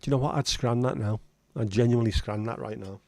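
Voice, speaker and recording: Male livestream host, rambling and blunt, mellow low voice, dry close sound. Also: fast talker, no echo. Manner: rambling, chatty, blunt with occasional swearing. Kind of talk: casual livestream chat.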